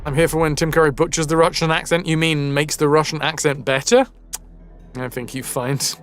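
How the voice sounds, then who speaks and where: A man with a fairly high, level voice talks a little fast while streaming a game, faint game music behind him. His casual commentary includes chatting with viewers, reading game text aloud and swearing now and then.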